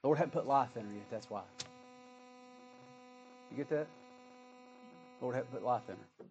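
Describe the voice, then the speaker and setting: A man's voice: medium pitch, unhurried, darkish tone, dull audio, a little hiss or hum. A man preaching a sermon, reading scripture aloud and asking emphatic rhetorical questions.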